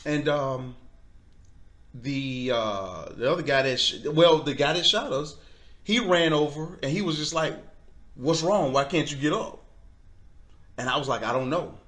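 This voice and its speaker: A man telling a personal faith testimony in conversation, earnest and halting, with frequent restarts. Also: a little high, a bit bright. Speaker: guest.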